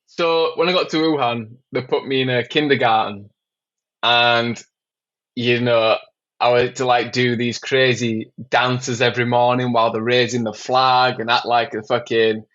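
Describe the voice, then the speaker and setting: A man from England tells stories as a podcast guest in a casual, animated way, peppered with swearing and "man". His voice sits in a middle range, and the audio is slightly muffled. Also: medium pitch, a little slow. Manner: animated storyteller, swears a lot, says "man". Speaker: podcast guest, documentary filmmaker. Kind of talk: casual storytelling.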